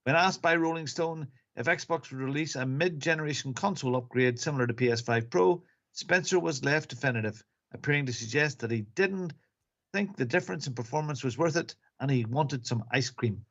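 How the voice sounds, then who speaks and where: A man's voice: mid-range voice, fairly quick, fairly bright tone, muffled recording. A man presenting gaming news on a podcast, slipping wry joke lines into the reports. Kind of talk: reading gaming news with jokey asides. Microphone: computer mic on a live stream.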